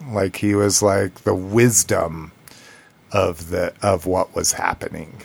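Slow-talking man hosting a casual podcast. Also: sits low, steady tone, vocal fry, slightly rough. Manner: loose, swearing, laughing banter. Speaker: podcast host. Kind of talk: casual chat.

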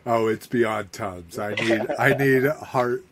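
A man hosting a podcast in casual chat, easily amused and quick to laugh. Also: mid-range voice, fairly even intonation, crowd noise. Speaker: podcast host.

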